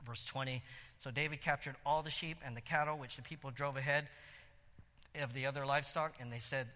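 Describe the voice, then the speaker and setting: A man who serves as a church elder, preaching a sermon in a casual, lively way, with asides and jokes between readings. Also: medium pitch, brisk, big-room sound.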